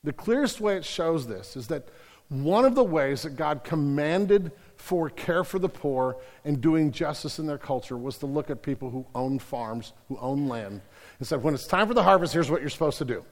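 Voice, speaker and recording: A man preaching a sermon as pastor, animated, with frequent restarts and repeated words. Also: fairly high pitch, moderate pace. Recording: long hall reverb.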